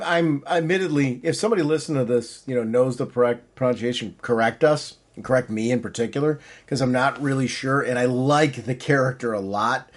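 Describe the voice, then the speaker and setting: A man co-hosting a comics podcast, talking in an eager, rambling way with frequent restarts. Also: medium pitch. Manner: enthusiastic, rambling, many restarts. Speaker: podcast co-host. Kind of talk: casual chat.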